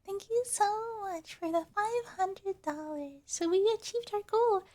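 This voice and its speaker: A woman's voice: very high voice, measured pace, a little mellow, pitched above the performer's own voice. A woman voicing a cute, careless anime-girl streamer who thanks donors in a breezy, dismissive way. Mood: chirpy. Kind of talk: streamer parody on an ASMR stream.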